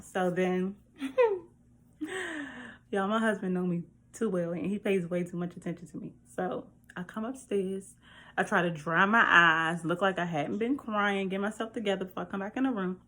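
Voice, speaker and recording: Animated woman vlogger telling a story. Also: mid-range voice, moderate pace. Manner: animated, chatty, speaks directly to viewers. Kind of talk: personal storytelling to camera.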